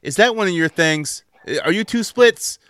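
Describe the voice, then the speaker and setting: A man's voice: high-pitched, normal speed, a bit bright, clear, resonant tone, dry recording, clean studio sound. A man hosting a casual comedy podcast, taking calls and laughing often. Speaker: podcast host.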